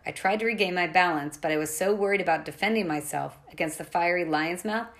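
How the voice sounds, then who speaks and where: A woman reading a novel aloud, telling a first-person adventure story with expression. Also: sits low. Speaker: audiobook narrator.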